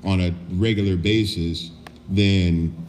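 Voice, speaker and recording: A man co-hosting a casual political chat, giving measured, deliberate commentary, recorded in a reverberant room with faint hiss. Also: sits low, fairly even intonation, darkish tone.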